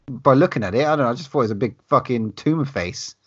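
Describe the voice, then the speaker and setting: Male co-host, mid-pitched, eager and sweary, on a dull lo-fi recording. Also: expressive, fast, husky. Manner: enthusiastic, sweary, laughs between phrases. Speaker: podcast co-host. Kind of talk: casual film chat.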